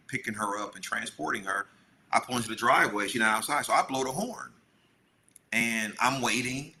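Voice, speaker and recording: Bright-voiced man telling a story. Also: mid-range voice. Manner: animated storyteller acting out quotes. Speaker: podcast co-host. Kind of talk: storytelling casual chat.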